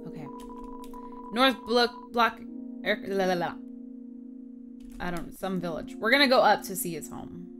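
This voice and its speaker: An excitable young woman narrating her video game playthrough, squealing and giggling as her voice leaps all over the place. She talks at an unhurried pace, with soft game music in the background. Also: mid-range voice. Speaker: let's play gamer. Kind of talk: casual gaming commentary.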